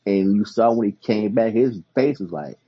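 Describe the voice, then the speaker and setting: A man co-hosting a podcast in casual chat, blunt and animated. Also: lowish voice, normal speed, slightly rough. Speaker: podcast co-host. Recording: dull lo-fi audio.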